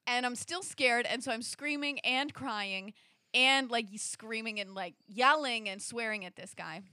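A woman telling a personal story in a casual, animated way, full of fillers and restarts. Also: fairly high pitch, unhurried, dry recording. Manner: acts out quoted lines, rising into shrieks. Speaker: storyteller in a conversation.

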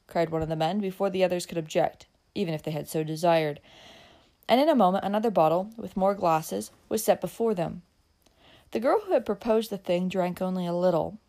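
A woman narrating a classic novel as an audiobook reader, with expressive storytelling. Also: fairly low pitch, brisk.

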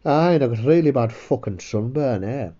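Male podcast host; crude, rambling, self-mocking comic, dark tone. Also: medium pitch, animated, moderate pace, dull audio. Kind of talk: casual comedy chat.

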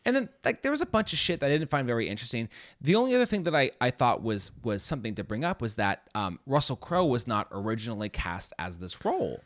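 A man's voice: mid-range voice, sing-song, quick pace, hardly any pauses, dry recording. Guy podcaster, rambly and laughing, voice jumps around a lot, dry close mic. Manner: rambling, frequent restarts and laughter; swears casually. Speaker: podcast co-host. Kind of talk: casual chat.

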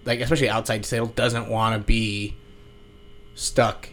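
Easygoing, cursing man with a lowish voice. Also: flat delivery, moderate pace, a bit bright, slight background noise. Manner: easygoing, swears often. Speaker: podcast co-host. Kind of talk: casual chat.

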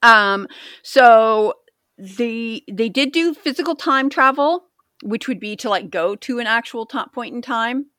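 A woman's voice: fairly high pitch, animated, measured pace, pushed and bright, no room sound, studio quality. A woman co-hosting a podcast in casual chat, rambling and jokey, often stumbling over words. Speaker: podcast co-host.

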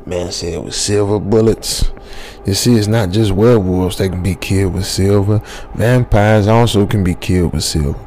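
A man's voice: on the low side, fairly even intonation, moderate pace, mellow, slight background noise. A man casually telling a horror story in a rambling, chatty way, tagging his lines with "man" and laughing at his own jokes.

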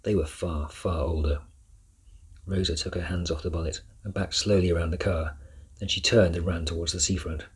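A man narrating a children's novel chapter by chapter in a measured, steady reading. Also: sits low, breathy edge. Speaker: audiobook narrator. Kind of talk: scripted storybook narration.

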